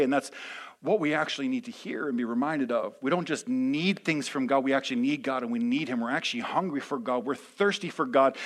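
A man preaching a sermon as a pastor, conversational with many fillers, swinging from hushed asides to loud, emphatic peaks. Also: on the high side.

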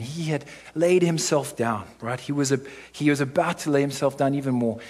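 Husky-voiced man preaching a sermon. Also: medium pitch. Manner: emphatic, with rhetorical questions and frequent "right?". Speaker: pastor.

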